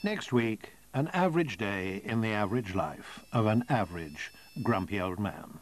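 Male narrator, scripted voice-over, dry and wry, slightly low voice. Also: expressive, normal speed, faint music behind.

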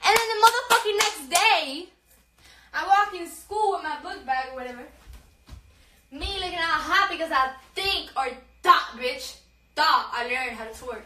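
On a phone livestream, a young social media personality tells a story with plenty of profanity, laughter, and Spanish mixed in, sounding out of breath. Her voice is extremely high, pushed and bright, at normal speed, with a roomy sound and a slight hiss or hum.

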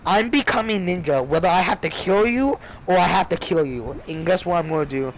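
A young man hosting a gaming video, yelling profane trash talk and laughing at his friend. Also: high voice, brisk, slight background noise, poor audio. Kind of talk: casual gaming commentary.

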